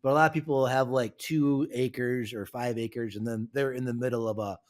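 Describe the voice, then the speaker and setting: A man co-hosting a podcast, telling stories in a lively, casual and profane way. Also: mid-range voice, normal speed. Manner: animated storyteller, casual and profane. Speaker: podcast co-host.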